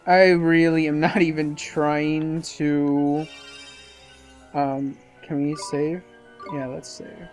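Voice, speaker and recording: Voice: mid-range voice, flat delivery, slow pace, faint music behind. Rambling let's-play commentator. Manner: rambling, self-talking, hesitant fillers. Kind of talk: casual gameplay commentary.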